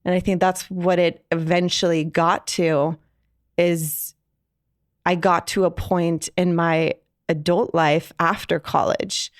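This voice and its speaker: A woman's voice: fairly low pitch, flat delivery, takes it slowly, dry recording, clean studio sound. A woman from Iran, a podcast guest telling her personal story candidly, reflective and full of "like" fillers.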